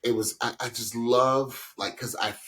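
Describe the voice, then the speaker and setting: A man co-hosting a podcast in casual chat, animated and talking like a voice teacher, often jumping up high in pitch when excited. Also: measured pace. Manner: takes on a voice teacher's advising tone. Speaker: podcast co-host.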